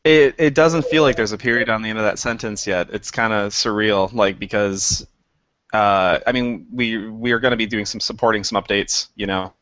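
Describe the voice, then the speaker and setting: A man's voice: lowish voice, moderate pace, fairly bright tone, no room sound. Man, game director guest, casual rambling talk, self-deprecating chuckles, dry close sound, slightly dull audio. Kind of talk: casual interview chat.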